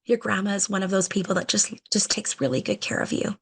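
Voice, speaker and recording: A woman guest on a podcast, an educator telling stories in a chatty, animated way and acting out talks with children, with plenty of "like" and "you know". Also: mid-range voice, fast talker, breathy edge. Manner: animated, acts out conversations with children. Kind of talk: podcast interview storytelling.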